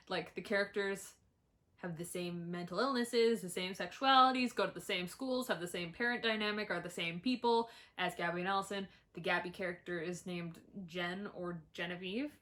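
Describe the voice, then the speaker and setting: Brief: young woman, bright voice, blunt and sweary, frequent laughs, book-rant vlogger at home. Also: lowish voice. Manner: blunt, sweary, laughs often, animated outbursts. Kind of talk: ranting book review.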